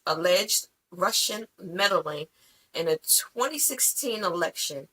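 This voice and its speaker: A woman co-hosting a podcast with a lively, swooping delivery and a bright, forceful tone. She talks bluntly and drops profanity easily, telling stories in a loose, casual chat. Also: lowish voice, a little slow, low-quality recording. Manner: blunt, profane, animated storytelling. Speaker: podcast co-host.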